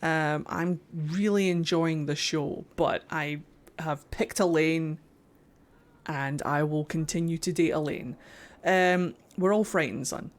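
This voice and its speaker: A woman's voice: deep voice, fairly even intonation, slow. A woman streamer chatting casually over gameplay, making playful, profane asides. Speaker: game streamer.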